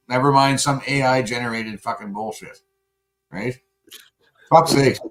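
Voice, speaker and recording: A man's voice: medium pitch, steady tone, unhurried, pauses often, a bit bright, low-quality recording. A man ranting animatedly in casual podcast chat, swearing freely. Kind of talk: casual late-night chat.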